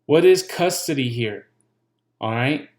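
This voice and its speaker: Casting: laid-back man, mid-range pitch, blunt, jokey explainer who repeats himself. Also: animated, unhurried, darkish tone. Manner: blunt, joking, repeats himself, swears casually. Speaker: channel host giving legal pointers. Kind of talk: casual explainer with commentary.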